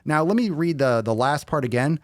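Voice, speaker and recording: A man's voice: on the high side, lively intonation, a little fast, no echo, clean studio sound. Blunt, swearing man ranting. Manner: blunt, combative, heavy swearing. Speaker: podcast host. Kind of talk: profane rant reading viewer comments.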